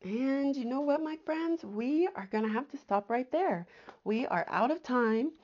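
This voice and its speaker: A woman teaching the Bible on a podcast, earnest and conversational, often dropping to a soft near-whisper for emphasis. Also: high voice, expressive, normal speed, muffled recording. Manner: warm earnest preaching, often says "my friends" and "amen".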